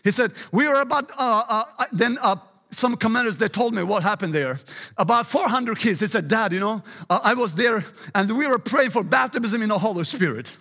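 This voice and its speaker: A man's voice: high-pitched, lively intonation, moderate pace, sharp tone, in a large hall. A middle-aged male pastor preaching an emphatic sermon, often urging listen and praise God.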